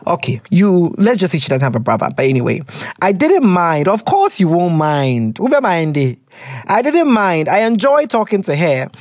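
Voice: mid-range voice, big pitch swings, normal speed, a little mellow, no echo, studio quality. A podcast co-host with a Ghanaian English accent, reading a listener letter aloud and teasing it in casual chat, slipping into Twi.

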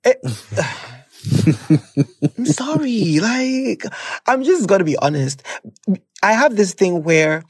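Husky, lively podcast host. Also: medium pitch, dry recording, clean studio sound. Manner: expressive, laughing, quick asides. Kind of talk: casual interview chat.

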